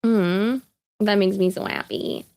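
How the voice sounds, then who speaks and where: A woman's voice: mid-range voice, fairly even intonation, takes it slowly, a little mellow. A woman, chatting casually on a live stream with lots of asides, fillers and laughter. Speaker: vlogger.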